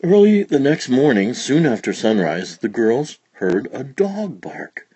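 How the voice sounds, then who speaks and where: A man reading a children's picture book aloud in a slow, expressive, gentle storytelling manner. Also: mid-range voice, husky, no echo. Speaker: storybook reader.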